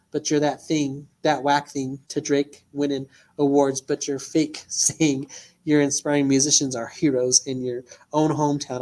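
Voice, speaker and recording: A man doing a cappella diss rap with mumbled spoken asides and a repeated chant. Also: mid-range voice. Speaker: amateur rapper.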